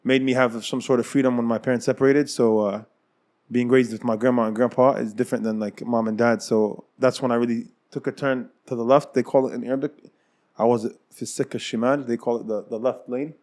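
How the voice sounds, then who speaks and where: A man's voice: medium pitch, fairly even intonation, darkish tone. A man in his thirties, an Islamic scholar telling his personal story as an interview guest, often repeating and rephrasing his words. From United States. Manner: fast, repeats and rephrases phrases.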